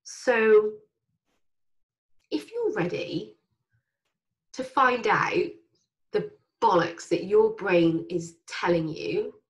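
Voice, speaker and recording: A woman life coach giving a frank, emphatic motivational talk, with casual swearing. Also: fairly low pitch. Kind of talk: motivational monologue.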